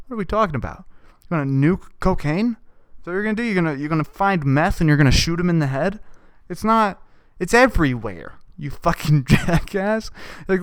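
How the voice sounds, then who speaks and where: Man ranting sarcastically, very lively pitch. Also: no echo. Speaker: podcast host. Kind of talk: comedic podcast rant.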